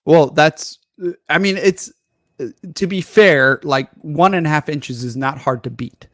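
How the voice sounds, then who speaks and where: A man's voice: fairly high pitch, unhurried, a bit bright, dry recording, studio quality. A male podcast co-host ranting about politics with heavy profanity. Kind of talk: crude political banter.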